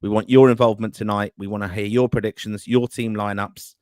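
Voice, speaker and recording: A man's voice: fairly low pitch, little pitch movement, fairly quick, darkish tone, no room sound, clean studio sound. A man hosting a live fan podcast over a video call, upbeat and optimistic, mixing chat with plugs for the show. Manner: upbeat, self-styled optimist, promotional patter. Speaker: podcast host.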